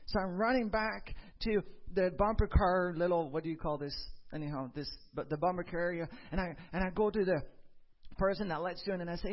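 A man preaching a sermon and telling a lively personal story, acting out the voices in it. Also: high-pitched, fairly quick, dull audio. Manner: animated storytelling, acts out dialogue. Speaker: pastor.

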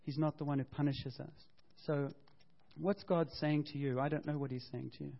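Lively pastor preaching, lo-fi sound. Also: male voice, a little high, moderate pace, creaky. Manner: animated storytelling with voiced quotes and self-corrections. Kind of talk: sermon. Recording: dull lo-fi sound.

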